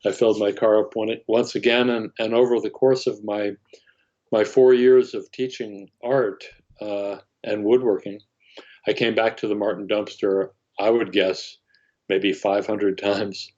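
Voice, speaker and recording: An older man, a guest in an interview, telling a long anecdote in a halting way, full of fillers and restarts. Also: lowish voice, flat delivery, darkish tone. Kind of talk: anecdotal storytelling. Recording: muffled lo-fi audio.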